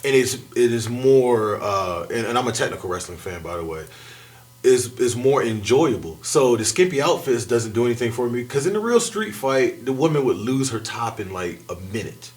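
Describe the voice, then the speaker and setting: A man chatting as a guest on a talk show, animated and laughing often. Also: medium pitch, moderate pace. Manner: animated, laughs often, jumps between thoughts. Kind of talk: casual chat.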